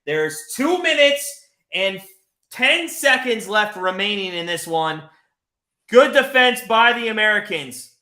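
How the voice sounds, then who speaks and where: A man hosting a live watch party for a match, reacting to the play, swinging between tense muttering and loud cheering with swearing. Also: high voice, big pitch swings, slow pace, roomy sound.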